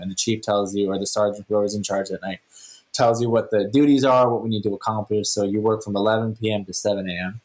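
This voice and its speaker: Male podcast guest, low-ish voice, animated casual storyteller. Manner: animated, acts out dialogue.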